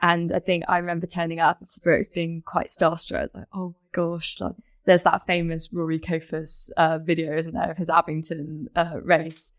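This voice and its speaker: A woman's voice: low voice, monotone, moderate pace, hardly any pauses, no echo, studio quality. A young adult woman, a rowing coxswain, answering interview questions in a reflective, chatty way and laughing easily. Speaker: podcast guest, rowing coxswain.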